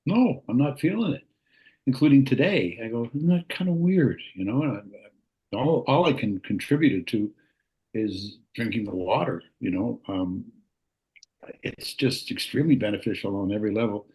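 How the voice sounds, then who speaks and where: Man, video-call caller, rambling testimonial, keeps clearing his throat. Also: lowish voice, animated, moderate pace, a little mellow, poor audio. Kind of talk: casual testimonial.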